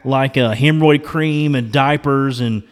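A man's voice: mid-range voice, unhurried, long reverb tail. A man hosting a casual podcast chat, ranting and swearing in outrage. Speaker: podcast host.

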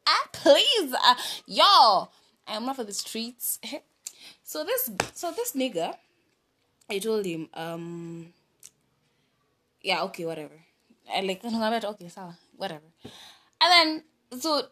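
A young woman with a Kenyan accent telling a story in a casual vlog, animated and mixing English with Swahili slang. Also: mid-range voice. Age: young adult. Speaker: vlogger. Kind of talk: storytime chat.

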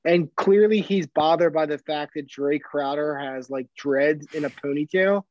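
A male podcast co-host talking sports in loose, rambling chat. His voice sits a little high, and he stumbles, restarts and swears as he goes. The recording is dull and dry, with no room sound. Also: moderate pace, a little mellow, no echo. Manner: rambling, many fillers and restarts, swearing freely.

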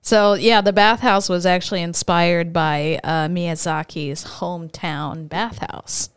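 A young woman chatting on a podcast in a relaxed, filler-heavy way. Her voice sits on the low side and comes through very clean and crisp. The sound is dry and close, with no room around it. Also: unhurried, no room sound. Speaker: podcast co-host. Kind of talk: casual chat, reading quotes.

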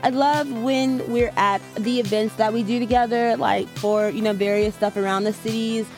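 A woman's voice: a little high, steady tone, moderate pace, faint music behind. A young woman from Atlanta, talking casually as an interview guest in a chatty, upbeat way, with lots of "like.". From Atlanta, USA.

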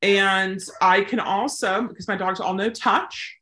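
A woman dog trainer giving a casual, chatty lesson, animated and often acting out her examples. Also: mid-range voice, unhurried. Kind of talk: casual teaching talk.

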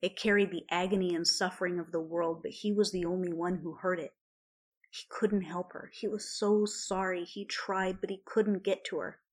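A woman reading a story aloud in a measured, quiet way. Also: fairly low pitch. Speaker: narrator. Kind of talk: storybook narration of fan fiction.

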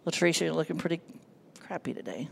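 A woman's voice: sits low, animated, fast talker, vocal fry, a little hiss or hum, pitched below the performer's own voice, full character voice. A woman voicing the enemy as a sneering, belittling spirit in a spoken testimony.

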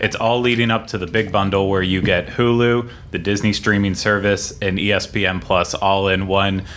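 A man's voice: deep voice, little pitch movement, moderate pace, a bit bright. A man in a casual podcast discussion, explaining things in a matter-of-fact way.

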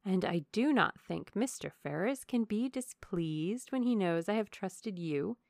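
A woman's voice: medium pitch, animated, unhurried, vocal fry, darkish tone, no room sound, clean studio sound. A woman voicing a coy, fawning young woman who confides in a gushing, falsely humble way. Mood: confiding.

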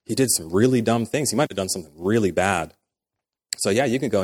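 A man's voice: on the low side, animated, fast, husky. A man in his thirties, a pastor giving a sermon in a conversational way, acting out quoted dialogue as he goes.

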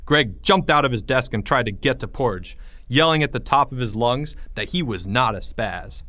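Man, storybook narration, expressive, very lively pitch, dry close recording. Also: moderate pace, dry recording. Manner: expressive, plays each character. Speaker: author and audiobook reader.

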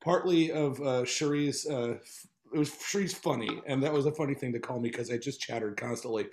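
A man's voice: mid-range voice, fairly quick, darkish tone. A man co-hosting a podcast, talking in a rambling, chatty way and laughing often. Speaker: podcast co-host. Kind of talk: casual podcast chat.

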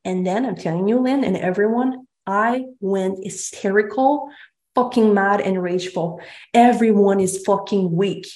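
A woman's voice: mid-range voice, unhurried, darkish tone. A woman hosting a podcast, telling her story in a candid, emphatic way, swearing freely and acting out the things she said. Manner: emphatic, swears freely, acts out her own past lines. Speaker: podcast host. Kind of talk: candid confessional chat. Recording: roomy echo.

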